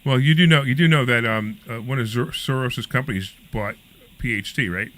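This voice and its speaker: A man's voice: mid-range voice, brisk, a bit bright. A male radio host taking calls, blunt and sarcastic, often cutting in. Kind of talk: call-in talk radio.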